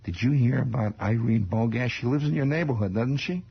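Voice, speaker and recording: A man voicing a schoolboy passing on gossip in a hushed, confiding way, on a lo-fi 1960s radio broadcast. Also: mid-range voice, fairly quick, vocal fry, breathy edge.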